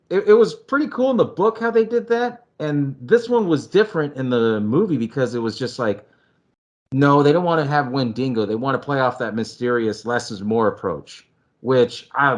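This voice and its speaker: Man, mid-pitched, casual movie chatter, cusses freely, acts scenes out. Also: moderate pace. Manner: animated and profane, acts out scenes with loud shouts. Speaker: podcast co-host.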